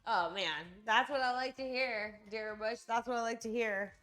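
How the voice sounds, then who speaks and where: A woman's voice: on the high side, moderate pace, a bit bright, faint music behind. A woman hosting a casual cooking livestream, chatting straight to her viewers.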